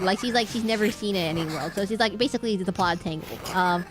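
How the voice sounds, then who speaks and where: A woman's voice: medium pitch, quick pace, over music. A woman streamer chatting casually and rambling while she plays a game. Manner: rambling, chatty, lots of fillers and restarts.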